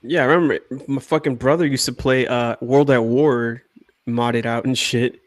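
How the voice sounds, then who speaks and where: A man's voice: medium pitch, fairly even intonation, normal speed, no echo, clean studio sound. Young man rambling with laughter. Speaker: podcast co-host. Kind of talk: casual chat.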